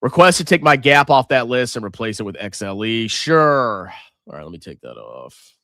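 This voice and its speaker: Male stream host, 30s, bright, very expressive, dry close sound. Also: medium pitch, normal speed, no room sound. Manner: animated, jokey, reacts loudly to price moves. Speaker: finance livestream host. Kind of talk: casual market livestream.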